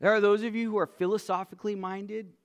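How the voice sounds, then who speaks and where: A man preaching a sermon as pastor. His voice drops to a hush and then swells into loud, emphatic lines. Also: high-pitched, little pitch movement, clear, resonant tone. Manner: swings from soft, hushed lines to loud emphatic declarations; slow and deliberate, stretching out scripture lines.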